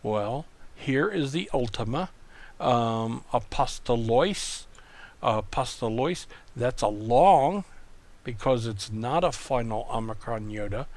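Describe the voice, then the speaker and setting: Slow, gravelly man teaching a lesson. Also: medium pitch, expressive, darkish tone. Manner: patient, methodical explaining with repeated words. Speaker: Greek tutor. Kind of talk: recorded online lesson.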